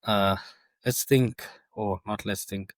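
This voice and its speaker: A man's voice: fairly low pitch, fairly even intonation, slow pace, dry recording. A man hosting a football podcast in a casual monologue, chatty and exasperated, stumbling over names.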